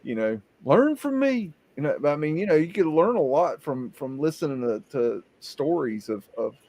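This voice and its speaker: A man's voice: on the high side, big pitch swings, normal speed, darkish tone. A man with a Southern US accent hosting a casual live chat, telling rambling stories with many restarts. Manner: rambling storyteller, frequent restarts. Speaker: show host.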